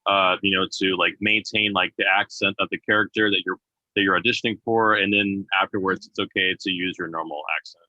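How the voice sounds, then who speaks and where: Low-voiced interviewer, dry and close. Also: steady tone, a little fast, dry recording, dull audio. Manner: frequent soft backchannel agreement. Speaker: podcast host. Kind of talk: casual interview conversation.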